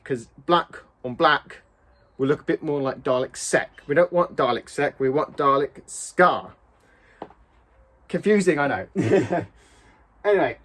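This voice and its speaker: A man's voice: mid-range voice, husky. A man, chatting casually while he paints a prop, rambling and poking fun at himself. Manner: rambling, self-mocking, chatty with asides. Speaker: cosplay prop maker.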